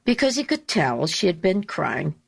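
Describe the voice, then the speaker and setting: A woman talk show host telling a story in a slow, deliberate, emphatic way, repeating her key phrases. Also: on the low side, sing-song, gravelly, husky. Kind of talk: storytelling monologue.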